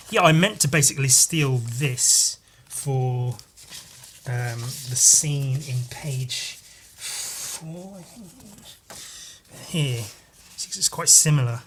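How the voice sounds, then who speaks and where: A man hosting a casual solo podcast as a comic artist, rambling and excitable, swearing a lot, jittery from too much caffeine. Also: medium pitch, slight background noise. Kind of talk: casual solo podcast monologue while leafing through comics.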